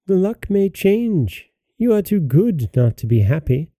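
A man's voice: high-pitched, big pitch swings, unhurried, mellow, no echo, clean studio sound, pitched above the performer's own voice. A man voicing a small, loyal talking dog in a storybook reading, speaking eagerly and encouragingly.

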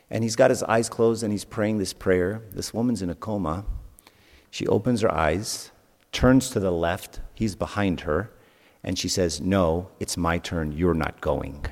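A man's voice: low voice, creaky. Man preaching in an echoey hall. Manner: conversational storytelling, asks the audience questions. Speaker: youth speaker. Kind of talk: sermon.

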